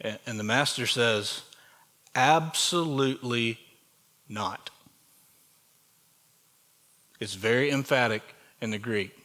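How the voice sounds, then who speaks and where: A man's voice: on the low side, fairly even intonation, normal speed, sharp tone. A man with a Southern US accent preaching a sermon as pastor of a church, in a conversational way, asking the congregation questions as he goes. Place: church sanctuary.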